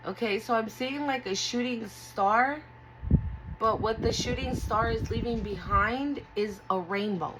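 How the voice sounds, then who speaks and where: A woman's voice: fairly high pitch, unhurried, noisy background. A woman giving a casual tarot reading, talking bluntly and emotionally with lots of swearing. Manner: blunt, profane, emotional and earnest. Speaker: tarot reader.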